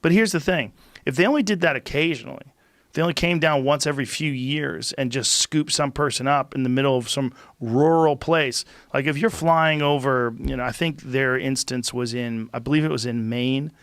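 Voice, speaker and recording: A man's voice: medium pitch, normal speed, fairly bright tone, dry recording. Blunt, profane male podcast host. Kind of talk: casual podcast chat. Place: podcast studio. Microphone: studio microphone.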